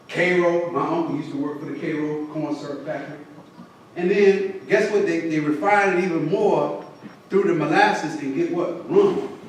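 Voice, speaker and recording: A man's voice: fairly high pitch, a little hiss or hum. A man lecturing as a professor to a community audience, with a preacherly call-and-response cadence and punchy repeated refrains. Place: lecture hall. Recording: far, very echoey hall recording.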